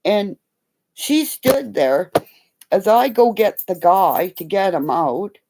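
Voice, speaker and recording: Gravelly, animated woman telling rambling stories. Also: mid-range voice, slow pace, noisy background. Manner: profane, animated, acts out quoted voices. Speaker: live streamer. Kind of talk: rambling casual storytelling.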